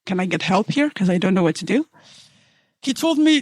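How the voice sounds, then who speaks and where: A woman's voice: mid-range voice, sing-song, a little fast, a little mellow, husky, no room sound. Earnest woman telling her story. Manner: earnest and heartfelt, retelling with quoted dialogue. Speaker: storyteller guest. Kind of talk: personal testimony.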